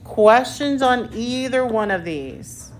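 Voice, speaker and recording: Slow, patient woman math teacher. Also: fairly high pitch, expressive, slight background noise. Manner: slow, patient step-by-step explaining; self-deprecating asides. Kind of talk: classroom algebra lesson. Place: classroom.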